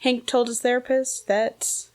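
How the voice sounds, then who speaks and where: A woman in her thirties, podcast co-host, telling a story in a casual, animated way and laughing often. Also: a little high, a little slow. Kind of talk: casual chat.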